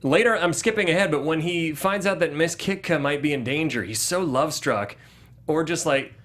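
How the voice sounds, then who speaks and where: A man's voice: a little high, normal speed, fairly bright tone. A man co-hosting a casual movie review podcast, recapping scenes and mimicking the characters' lines. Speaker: podcast co-host.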